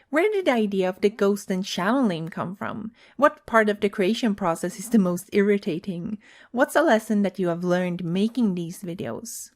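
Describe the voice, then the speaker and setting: A woman co-hosting a casual Q&A, answering fans' questions with halting restarts and fillers. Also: mid-range voice, animated. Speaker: co-host. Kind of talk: casual Q&A chat.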